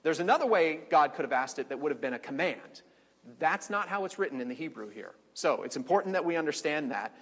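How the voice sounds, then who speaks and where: A man teaching a conversational Bible study, chatty, with fillers and quick quoted asides. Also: on the high side, expressive, a bit bright. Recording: long reverberant hall.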